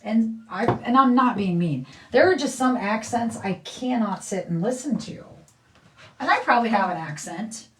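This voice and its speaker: A woman's voice: on the high side, lively intonation, moderate pace, a bit bright, recorded from a distance. Blunt rambling woman livestreamer. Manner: blunt, rambling, repeats herself. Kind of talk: casual livestream chat.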